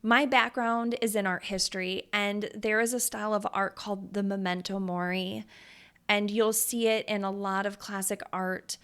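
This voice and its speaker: A woman's voice: medium pitch, steady tone, moderate pace, a bit bright, clean tone. A woman in her thirties hosting a motivational podcast, talking to listeners in an earnest, confiding way that turns emotional. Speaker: podcast host.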